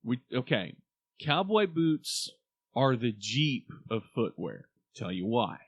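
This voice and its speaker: A man co-hosts a podcast in loud, joking banter. His voice sits in a middle register and sounds dry and close to the microphone, with almost no room around it. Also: medium pitch, very animated, slow pace, breathy edge, no room sound. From Oklahoma. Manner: boisterous, joking, slips into comic voices. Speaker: podcast co-host. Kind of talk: casual chat.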